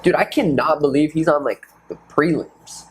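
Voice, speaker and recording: A man in his twenties hosting a casual podcast chat, loose and profane, often slipping into animated impressions. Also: on the high side, normal speed, low-quality recording. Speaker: podcast host, fighter.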